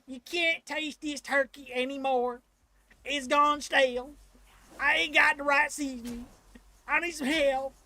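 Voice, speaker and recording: A man putting on a strained, high, goofy voice to taunt a game boss with sing-song jeers. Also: steady tone, measured pace, sharp tone, full character voice.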